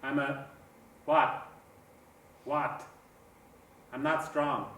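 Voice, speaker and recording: A man's voice: medium pitch, steady tone, very slow, fairly bright tone, slight background noise. An actor playing a frustrated grown son arguing with his mother, agitated and defensive. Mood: anguished. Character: anxious, frustrated grown son of the bar owner. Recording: echoey room, mic at a distance.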